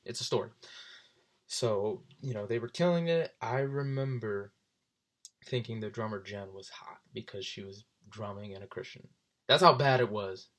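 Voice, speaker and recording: A young man in his twenties, casually telling stories, often jumping into high voices for people he quotes. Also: normal speed, fairly bright tone. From South Jersey. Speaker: vlogger. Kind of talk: casual storytelling.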